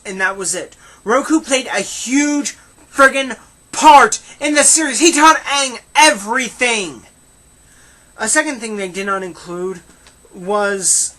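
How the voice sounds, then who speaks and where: A voice with a bright, sharp edge talks through a casual film review. The delivery is opinionated and animated, with mocking asides thrown in. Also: medium pitch.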